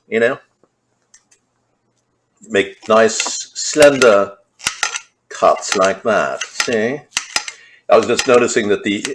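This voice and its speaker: A man's voice: mid-range voice, slight background noise. A man cooking in a home kitchen, rambling playfully with mock-posh asides as he demonstrates a recipe. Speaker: home cook vlogger.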